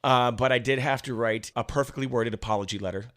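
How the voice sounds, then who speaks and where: A young man co-hosting a podcast, telling a story in casual chat with an animated, laughing delivery. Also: medium pitch, fast talker. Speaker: podcast co-host.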